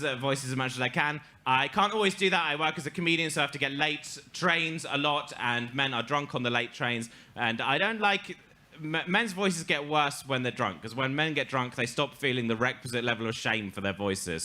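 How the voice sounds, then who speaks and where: Deadpan nasal English comedian, bright tone. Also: male voice, mid-range voice. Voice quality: nasal and monotone. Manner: deadpan, self-deprecating, wry. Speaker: stand-up comedian. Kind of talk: stand-up storytelling. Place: live storytelling stage with audience.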